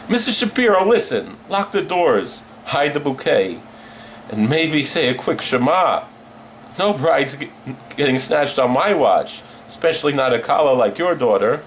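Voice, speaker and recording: A man's voice: a little high, very animated, measured pace, slight background noise. A man hosting a late-night horror movie show, delivering hammy comic patter sprinkled with Yiddish words.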